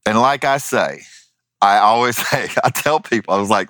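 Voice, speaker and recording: A man's voice: fairly low pitch, normal speed, no room sound. A man telling a story in casual chat, acting out the voices of the people in it. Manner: animated, acts out voices in his anecdotes.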